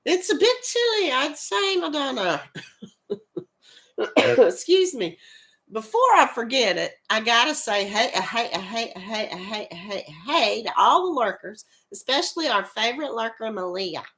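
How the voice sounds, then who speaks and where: A middle-aged woman with a rural American accent hosts a casual crochet live stream while fighting a cold and coughing. Her voice is a little high and a bit bright, with lively intonation and a moderate pace, and she chats, laughs often, and greets viewers by name.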